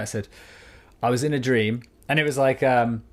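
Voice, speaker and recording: Animated British man telling a story. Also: medium pitch, fairly quick, a little hiss or hum. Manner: animated storyteller, acts out quoted voices. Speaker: podcast co-host. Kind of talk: casual chat. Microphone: studio microphone.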